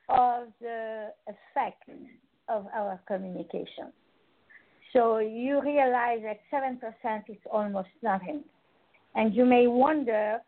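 A woman who hosts a radio show as a holistic coach, speaking deliberately with pauses and asking rhetorical questions. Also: fairly high pitch. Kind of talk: radio talk show monologue. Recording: tinny phone-line sound.

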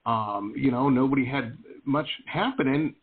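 A man's voice: medium pitch, moderate pace. A middle-aged man hosting an interview, chatting casually and joking, often acting out the voices of others. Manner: animated, joking, acts out quoted voices. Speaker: host. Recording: tinny phone-like call audio.

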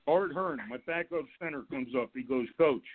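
A man, a former football coach, calling in to a radio show and telling lively stories about his old players and staff. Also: medium pitch, moderate pace, no echo. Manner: animated storyteller, acts out quotes, laughs along. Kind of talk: telling anecdotes on a call-in show. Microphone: telephone. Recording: tinny phone line.

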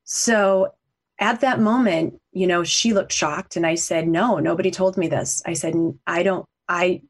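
Middle-aged woman, low husky voice, earnest and heartfelt storyteller, podcast guest. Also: fairly even intonation, unhurried. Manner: earnest, heartfelt, talks through tears at times. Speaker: podcast guest, coach and author. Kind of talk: emotional personal storytelling.

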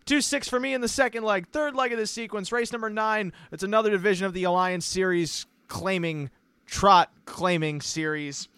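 A man's voice: high-pitched, normal speed, a bit bright, clean tone, no echo. A man hosting a horse racing podcast, breaking down picks with joking, self-mocking asides. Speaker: podcast host. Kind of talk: horse racing handicapping talk.

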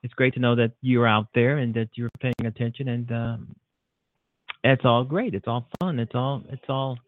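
A man's voice: medium pitch, steady tone, normal speed, no echo. Male host, out of breath, repeats himself emphatically, thin phone sound. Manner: repetitive, emphatic, rambling. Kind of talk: casual internet radio talk. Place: home studio. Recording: tinny phone-like line, dry.

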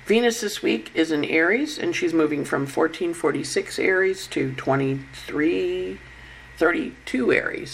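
A woman talking through her weekly astrology forecast, animated and chatty, slipping into little voices for the planets, while unwell. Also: sits low, vocal fry, a little hiss or hum, low-quality recording. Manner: animated, acts out planets' voices in quick asides. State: unwell with covid.

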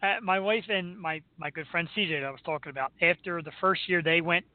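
A man's voice: on the high side, fast talker, no echo. A man hosting a radio show, telling jokey stories in casual chat and laughing often. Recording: narrow phone-like radio sound.

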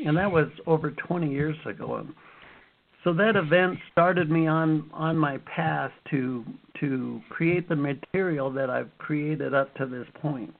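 A man in his fifties, an author telling lively stories from his life as an interview guest. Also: on the high side, measured pace, vocal fry. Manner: animated storyteller, acts out his own past reactions. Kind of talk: storytelling interview answers. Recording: phone-like narrow sound.

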